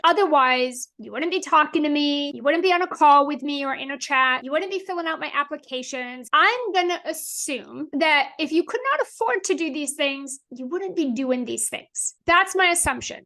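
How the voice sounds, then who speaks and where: A woman's voice: high voice, a bit bright. A woman sales coach hosting a solo podcast, talking directly and emphatically, repeating her points.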